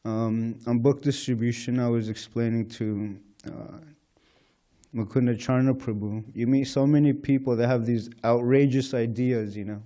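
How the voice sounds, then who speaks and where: Mellow-voiced man giving a temple class. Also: mid-range voice, steady tone, normal speed. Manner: conversational, frequent "you know" fillers, chuckles often. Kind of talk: informal scripture class talk. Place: temple lecture hall.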